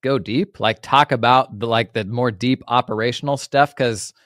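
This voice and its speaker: Smooth-voiced man in his forties. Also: medium pitch, normal speed, no echo, studio quality. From United States. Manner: relaxed, chatty, many "like"s. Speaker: podcast guest, former firm owner. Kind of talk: casual interview talk. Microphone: video call.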